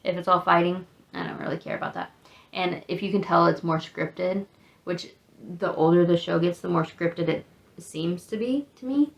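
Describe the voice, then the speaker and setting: A woman's voice: on the low side, normal speed, gravelly. A woman in her thirties with an American accent, chatting casually and rambling a little in a self-deprecating get-to-know-me vlog. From United States. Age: 30s. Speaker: vlogger.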